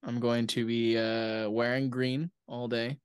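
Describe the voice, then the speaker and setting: A man's voice: mid-range voice, flat delivery, a little slow, smooth, dry recording. Young guy co-host, cusses a lot, teasing, laughs, dry close mic. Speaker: co-host, son. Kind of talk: casual chat.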